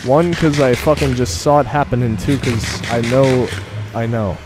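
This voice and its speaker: A man's voice: mid-range voice, normal speed, noisy background. A young man giving casual, profane, rambling commentary while playing a game, mocking himself as he goes. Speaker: gaming video host.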